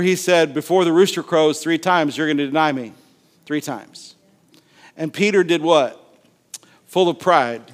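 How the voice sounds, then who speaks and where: Animated high-voiced preacher man. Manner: animated, acts out Bible scenes with voices and laughter. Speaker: pastor. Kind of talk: sermon.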